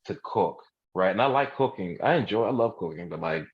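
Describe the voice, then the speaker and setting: A man with a very low, husky voice co-hosts a podcast and talks in an easygoing way, full of swearing and stories. The recording sounds dull and lo-fi. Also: lively intonation, a little fast. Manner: laid-back, profane storyteller. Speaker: podcast co-host. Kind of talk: casual chat.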